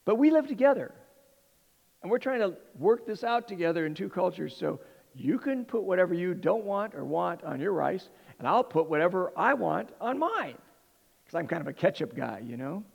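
A man's voice: sits high, normal speed, gravelly, in a large hall, dull audio. A middle-aged man from Southern California telling a humorous personal story to an audience, rambling and restarting his sentences. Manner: rambling, self-interrupting, animated. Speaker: speaker addressing an audience.

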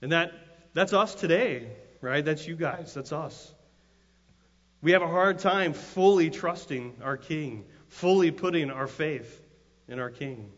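A man's voice: a little high, unhurried, a bit bright. A man preaching a sermon, telling a story in a loose, conversational way with frequent restarts, then rising to emphatic, impassioned cries. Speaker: pastor. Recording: long hall reverb, dull lo-fi sound.

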